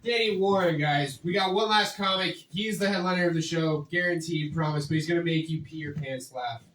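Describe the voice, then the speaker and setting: High bright-voiced guy emceeing a comedy night, hyping people up, echoey room. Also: brisk, distant mic, a little hiss or hum. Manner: hyping the crowd, building to a shout. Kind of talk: introducing comics.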